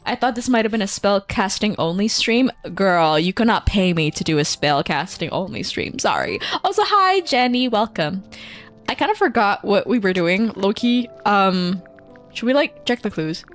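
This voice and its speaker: A woman's voice: mid-range voice, animated, moderate pace, faint music behind. A young woman streaming a game, chatting casually and playfully with her viewers and giggling often. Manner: playful, giggly, switches between languages. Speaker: VTuber streamer. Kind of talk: casual live-stream chat.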